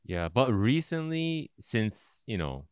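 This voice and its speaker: A man from Japan co-hosting a casual talk show, relaxed and quick to laugh, now and then slipping into Japanese. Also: medium pitch, smooth, dry recording, clean studio sound. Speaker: podcast co-host, teacher in Japan. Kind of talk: casual chat.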